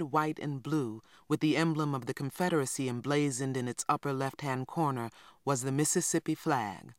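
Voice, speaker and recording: Audiobook narrator with a steady, even delivery, close-miked and dry. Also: medium pitch, no echo.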